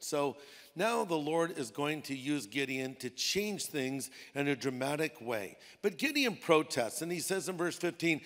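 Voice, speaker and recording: Male pastor, high voice, casual storytelling sermon in a reverberant auditorium. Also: animated, a little slow, a bit bright. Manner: conversational preaching with playful put-on voices. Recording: long hall reverb.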